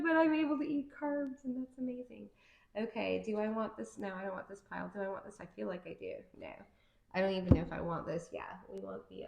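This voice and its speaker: A woman giving a casual tarot reading, rambling and chatty, full of fillers and quick to laugh. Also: fairly low pitch, creaky, a little mellow, reverberant, slight background noise, rough recording. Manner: playful, laughs easily. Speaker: tarot card reader.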